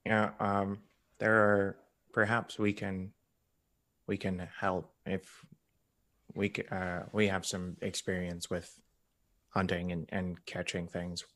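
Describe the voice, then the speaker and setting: A man's voice: deep voice, little pitch movement, slow, pauses often, fairly bright tone. A man playing a tabletop game, speaking hesitantly with many stumbles. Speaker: player.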